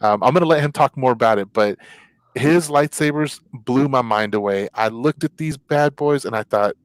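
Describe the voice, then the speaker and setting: A man hosting a casual live online talk show, excitable and rambling, calling himself geeky. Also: medium pitch, normal speed, no echo, rough recording.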